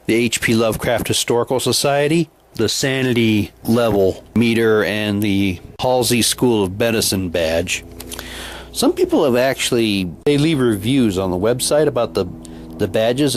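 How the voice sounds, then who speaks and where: A man casually recounting a haunted house night, rambling with many restarts and repeated words. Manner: drops to a quieter, lower voice for long stretches. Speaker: haunted house volunteer actor. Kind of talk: casual storytelling.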